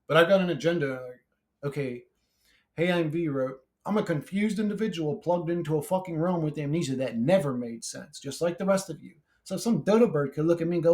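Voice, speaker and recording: A man's voice: fairly high pitch, brisk, darkish tone. A man casually reading and answering viewer comments, brash and profane, rambling with many restarts and frequent laughter. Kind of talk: casual comment-reply monologue.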